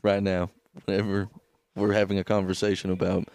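A man's voice: deep voice, completely flat delivery, fairly quick, darkish tone, no echo. A man co-hosting a comedy podcast, casual and crude, laughing often as he talks. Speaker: podcast co-host.

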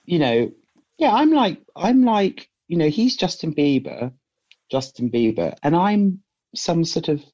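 A man's voice: on the high side, very animated, unhurried, a little mellow, highs cut off. An English man, a guest in a casual chat, telling rambling stories and acting out what people said. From England. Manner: rambling storyteller, quotes people, laughs often.

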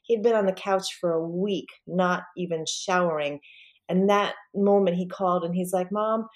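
A woman speaking as a podcast guest, recounting a personal story in a lively way and acting out the voices of the people in it. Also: on the low side, normal speed. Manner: animated, acts out quoted voices.

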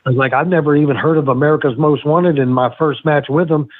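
Husky-voiced man telling heated stories over a phone-like line. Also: a little high, steady tone, fast talker, dry recording. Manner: profane, heated, acts out quoted arguments. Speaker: wrestling podcast guest. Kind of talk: casual storytelling interview.

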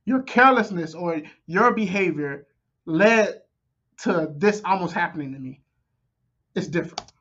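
A man talks through a debate clip in loose, conversational commentary and keeps circling back to repeat his points. His voice sits high. The recording has a dull, lo-fi quality. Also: animated, unhurried, pauses often, a bit bright, slightly rough. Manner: conversational, repeats himself for emphasis. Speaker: reaction commentator. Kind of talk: casual commentary.

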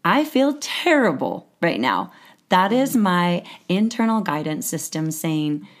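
A woman coach calmly guiding the talk and explaining steps one at a time. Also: on the low side, takes it slowly. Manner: calm, guiding, explaining step by step. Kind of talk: coaching conversation.

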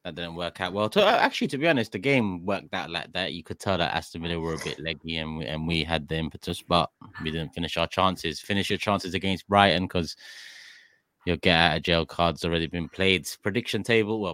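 Lowish guy hosting a footy pod, dry mic, keeps pressing his argument. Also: a bit bright, no room sound. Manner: argumentative, repeats questions insistently. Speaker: podcast host. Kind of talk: casual chat.

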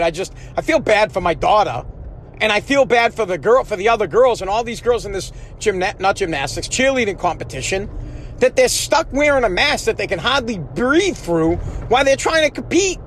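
A man rants in an aggravated, profane way on a solo podcast, stumbling over restarts as his words pile up. His voice sits high and swings widely in pitch. Faint car ambience sits behind him. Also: fairly bright tone, a little hiss or hum. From United States. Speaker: podcast host. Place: in a parked car.

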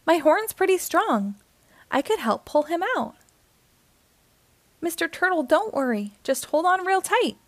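A woman reading as a high, earnest little girl seahorse. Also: measured pace, long pauses, no echo, heavily acted. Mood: cheerful. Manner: sing-song storybook rhyme, gently expressive. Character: young girl seahorse with a unicorn horn, eager and earnest.

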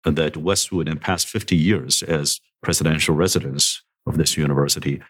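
Man, middle-aged, very deep voice, university president, podcast interview, good-humored, self-deprecating, chuckling. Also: steady tone, normal speed, a bit bright, husky. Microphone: podcast microphone.

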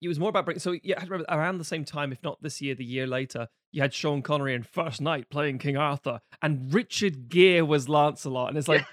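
A man co-hosting a film podcast in casual chat, reading out a synopsis with quick asides and casual swearing. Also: on the high side, a bit bright, no room sound, clean studio sound. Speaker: podcast co-host.

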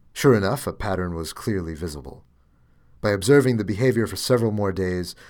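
A man hosting a podcast, reading a debugging story aloud and then musing with fillers and restarts. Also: fairly low pitch. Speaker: podcast host.

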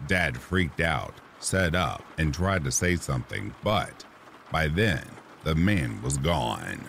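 A man with an extremely deep, low voice reads true ghost stories in a slow, soothing bedtime manner. A faint hiss sits under his voice. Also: expressive, vocal fry, a bit bright. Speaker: horror story narrator. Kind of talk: calm sleep-story narration. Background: rain sounds.

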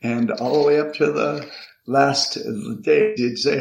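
Older man, gravelly, roomy echo. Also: mid-range voice, fairly even intonation. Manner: halting and reflective, often repeating words. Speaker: guest. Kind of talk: conversational interview.

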